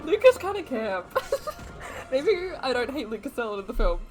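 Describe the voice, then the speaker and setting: A young Australian woman reacting to films, exasperated and swearing as she yells at the screen. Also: fairly high pitch, sing-song, moderate pace, faint music behind. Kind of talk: casual reaction commentary. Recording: film audio playing behind.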